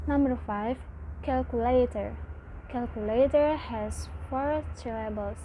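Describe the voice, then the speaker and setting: A woman's voice: fairly high pitch, steady tone, measured pace, warm tone, a little hiss or hum, low-quality recording. A woman student giving a class presentation, counting through numbered word examples and breaking each into syllables.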